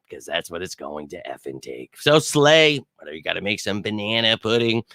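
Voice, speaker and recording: A man's voice: medium pitch, fairly bright tone, dry recording, studio quality. A man hosting a livestream postgame reaction show, frustrated and swearing as he reads chat comments. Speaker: sports fan show host.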